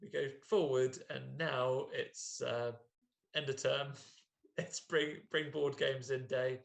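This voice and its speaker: Casting note: man, podcast co-host, casual film recap, gravelly edge, jokey asides, mid-range pitch. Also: steady tone, takes it slowly. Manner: jokey, acts out characters in put-on voices.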